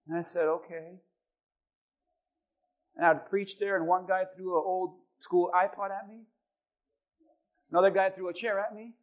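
A male pastor with a high voice delivers a sermon to his congregation. He tells stories with animated energy and acts out the voices of the people in them. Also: measured pace, long pauses, highs cut off. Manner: animated storytelling, acting out quoted voices. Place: church.

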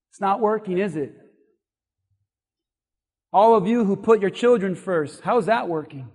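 A male pastor preaching in a church with a very high, light voice. His delivery is animated and climbs to shouted peaks, and long hall reverb trails every phrase. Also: takes it slowly, long pauses. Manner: animated, rising to shouts at points. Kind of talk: sermon.

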